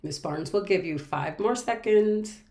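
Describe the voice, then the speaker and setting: A woman teaching a reading lesson to children, speaking slowly and patiently and repeating each word with care. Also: mid-range voice, a little mellow, reverberant. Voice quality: patient, repeats words carefully. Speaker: special education teacher. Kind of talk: slow, clear classroom instruction for children.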